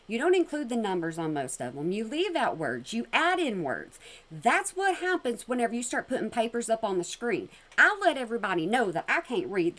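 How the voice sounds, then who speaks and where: Lively, higher-voiced woman; sassy, mocking commentary host. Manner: sassy, mocking, animated with sudden loud jumps. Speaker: commentary vlogger reacting to a clip. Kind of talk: casual commentary.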